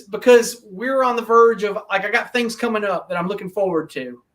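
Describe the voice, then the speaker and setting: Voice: medium pitch, pushed and bright, distant mic. A podcast host ranting in casual chat, heated and full of profanity.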